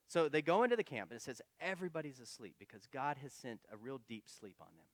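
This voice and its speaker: A male pastor tells the story casually and playfully, with a slightly high voice. The sound is close and dry. He keeps the telling lively and conversational. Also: brisk, dry recording, in a large hall.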